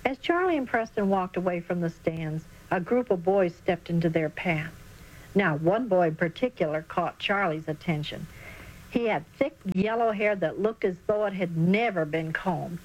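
A woman narrating a children's story in an expressive, storytelling manner. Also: on the low side, moderate pace, poor audio.

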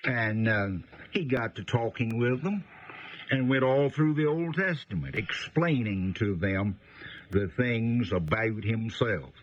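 A man teaching the Bible on the radio in a folksy, unhurried way, explaining with frequent pauses. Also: medium pitch, lively intonation, slight background noise. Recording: dull lo-fi radio broadcast.

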